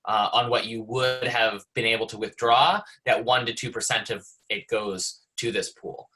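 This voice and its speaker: Bright-voiced man explaining a system design. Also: medium pitch, poor audio. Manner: thinks aloud with many fillers and restarts. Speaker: presenter. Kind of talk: technical explanation on a community video call. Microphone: video call.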